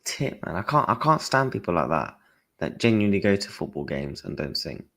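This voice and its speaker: A man's voice: deep voice, brisk. A young man chatting casually on a football livestream, telling stories animatedly in blunt slang with mild swearing. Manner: animated storytelling, acting out his own and others' lines.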